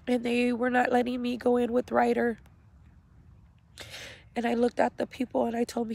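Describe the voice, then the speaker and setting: A middle-aged woman slowly and haltingly retelling a painful memory, speaking outdoors. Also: fairly high pitch, completely flat delivery, gravelly, darkish tone. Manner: slow, halting, emotional retelling. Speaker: grieving mother. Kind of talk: personal storytelling vlog. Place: outdoors at a cemetery.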